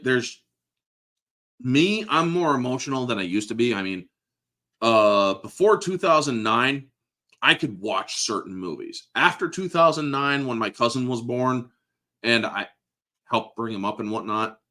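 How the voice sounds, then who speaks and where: Man, thirties, casual movie review host, emotional, cusses a lot, forceful tone. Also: lowish voice. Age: 30s. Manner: emotional, profane, laughs often. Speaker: podcast host.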